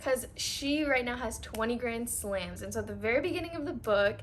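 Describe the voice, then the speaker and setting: A woman's voice: a little high, a little fast, a little hiss or hum. A young woman talking casually and gushing about books, with lots of filler words. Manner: gushing, filler-heavy chatter. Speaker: book reviewer. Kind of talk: casual reading recap.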